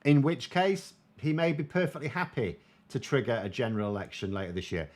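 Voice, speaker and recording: A man's voice: mid-range voice, brisk. A British man giving casual political commentary and answering viewer comments in a wry, sardonic, conversational way. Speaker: political commentator, show host.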